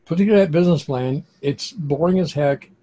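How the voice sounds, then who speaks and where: A man who is a construction accounting expert, talking in an animated interview and telling stories with dramatic bursts of emphasis. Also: fairly high pitch, fairly quick.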